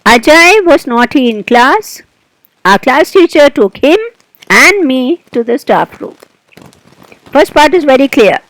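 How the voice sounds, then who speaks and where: Woman teacher going through grammar rules, asks and answers herself, unhurried, kinda high voice. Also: very animated, a bit bright, dry recording, rough recording. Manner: slow, deliberate explaining with questions to the learner. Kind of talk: recorded grammar lesson.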